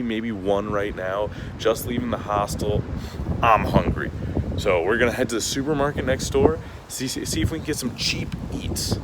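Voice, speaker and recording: A man's voice: medium pitch, background noise. Chatty self-mocking young man vlogging. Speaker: travel vlogger. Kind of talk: casual vlog to camera. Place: walking around a city outdoors.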